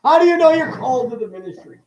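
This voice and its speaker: A man preaching on a livestream in a lively, joking way, asking his audience many questions. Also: extremely high pitch, fast talker, slight background noise, rough recording. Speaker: pastor. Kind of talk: livestreamed ministry teaching.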